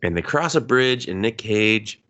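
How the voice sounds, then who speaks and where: A man's voice: on the low side, lively intonation, a little slow, sharp tone. A man co-hosting a casual movie review podcast, swearing freely and acting out scenes in quoted voices. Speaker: podcast co-host.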